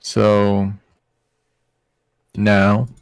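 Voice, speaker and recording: A young man co-hosting a podcast, talking casually and sounding a bit flat and disappointed. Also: fairly low pitch, drawn-out words, gravelly, clear, resonant tone, no room sound, studio quality. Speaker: podcast co-host. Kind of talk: casual esports chat.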